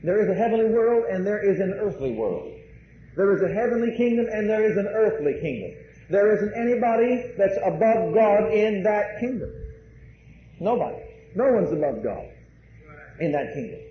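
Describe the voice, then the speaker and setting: High-voiced preacher in an echoing hall. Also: male voice, sing-song, normal speed. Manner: emphatic, repeats key phrases; addresses the congregation directly. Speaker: pastor. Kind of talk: sermon. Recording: roomy, dull, faint hiss.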